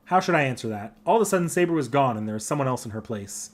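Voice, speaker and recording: A man reading a visual novel aloud, narrating in a soft, earnest first person. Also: medium pitch, expressive, very fast. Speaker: anime club member narrating a game.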